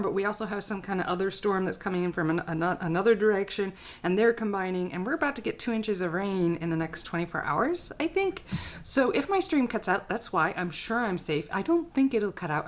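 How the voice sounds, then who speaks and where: A woman art teacher giving a casual live-stream craft tutorial, chatty and rambling with frequent filler words. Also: medium pitch.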